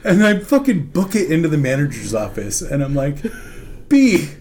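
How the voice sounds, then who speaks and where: A man's voice: on the high side, big pitch swings, a little fast, background noise. A man in his thirties, a podcast host, telling a profane story in casual chat, often laughing.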